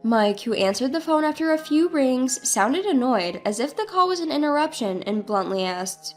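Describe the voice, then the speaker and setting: High, lively woman narrating a story. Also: normal speed, hardly any pauses, soft background music. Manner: earnest first-person retelling, dramatic. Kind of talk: scripted narration.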